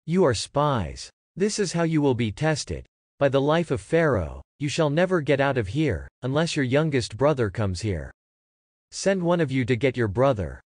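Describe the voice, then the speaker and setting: A man's voice: mid-range voice, very animated, moderate pace, no room sound, clean studio sound. A man reading the lines of a stern male governor in a scripture lesson, in a commanding voice. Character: stern male Egyptian governor testing his brothers.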